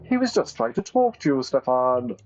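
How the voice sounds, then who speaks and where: A man's voice: a little high, very animated, moderate pace, vocal fry, a little mellow, lo-fi sound, soft background music, pitched above the performer's own voice. A man voicing a frightened, hungover young man who protests in a whiny voice. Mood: pleading.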